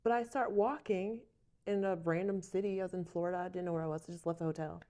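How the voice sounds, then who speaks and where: A woman, a coffee shop owner, telling a story in a casual interview, animated and acting out dialogue. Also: fairly low pitch, fast talker.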